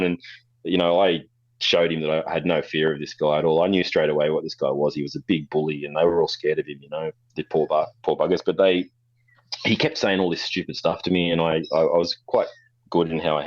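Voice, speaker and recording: A deep-voiced Australian man tells his stories at a fast clip, blunt and animated, with curse words thrown in freely. The recording is dry and slightly dull, with no room sound around him. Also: dry recording. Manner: blunt, swearing, animated storyteller. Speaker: photographer guest. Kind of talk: casual storytelling interview.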